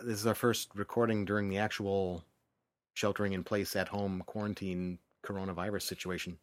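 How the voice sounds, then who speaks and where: A middle-aged man hosting a casual home podcast with his daughter, speaking in a thoughtful, measured way. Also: low voice, little pitch movement, a little hiss or hum. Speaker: podcast host.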